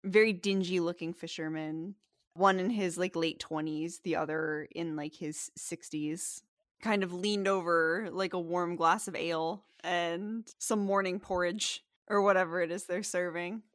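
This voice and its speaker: A woman's voice: lowish voice, steady tone, a little slow, no room sound, clean studio sound. A woman running a tabletop game, narrating in a loose, casual way with many fillers. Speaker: game master.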